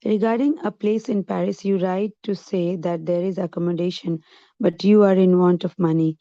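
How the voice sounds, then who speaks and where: A woman volunteer reading a letter aloud to a study group, steady and careful. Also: fairly low pitch, normal speed, no room sound. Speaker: volunteer reader. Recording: dull lo-fi dry recording.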